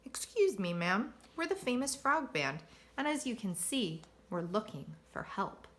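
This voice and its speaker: A man's voice: sits high, sing-song, a little slow, noisy background. A woman voicing a polite male frog bandleader in a read-aloud storybook. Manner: polite, courteous.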